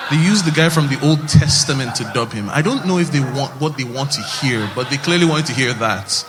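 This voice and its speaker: Give me a young Nigerian-accented comedian with a wry stand-up delivery on a reverberant stage. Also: male voice, mid-range voice, brisk, a bit bright, slight background noise.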